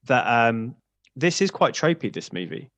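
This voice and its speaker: A man hosting a film podcast, talking in a measured, analytical way. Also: mid-range voice, very animated, a bit bright, no room sound, highs cut off. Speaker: podcast host. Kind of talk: casual chat.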